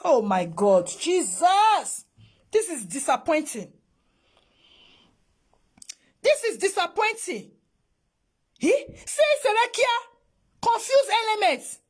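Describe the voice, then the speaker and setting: A woman with a Nigerian accent, ranting in exasperated reaction commentary, mixing Pidgin and English. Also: very high-pitched. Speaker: social media commentator.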